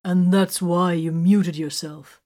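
A woman voicing a hot-tempered male captain who talks loudly and demands answers. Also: fairly low pitch, fairly even intonation, takes it slowly. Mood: exasperated. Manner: loud, exasperated, demanding.

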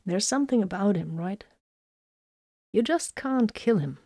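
A woman voicing a visiting male medic who asks soft but pressing questions. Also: mid-range voice, animated, measured pace, no room sound, studio quality, pitched above the performer's own voice. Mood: probing.

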